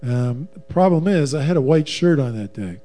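A man's voice: a little high, expressive, moderate pace, dark tone. A middle-aged man telling a personal story in a casual, wry, humorous way. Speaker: guest, husband, former professional musician.

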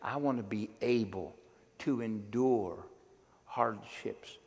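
Slow, fervent preacher man in a reverberant hall. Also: lowish voice, a little mellow. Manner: fervent, drawn-out pleading prayer. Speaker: pastor. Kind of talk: sermon and prayer.

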